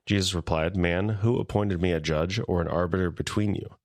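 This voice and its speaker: Deep-voiced man reading scripture aloud. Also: steady tone, brisk, no room sound, clean studio sound. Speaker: podcast co-host. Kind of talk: scripture reading and casual discussion.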